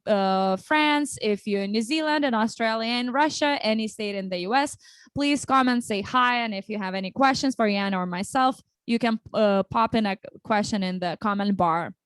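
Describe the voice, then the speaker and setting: A woman's voice: on the high side, normal speed, clean tone, no room sound. Chatty upbeat woman hosting a livestream. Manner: chatty and upbeat, with frequent restarts. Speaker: livestream interview host. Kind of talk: casual chat.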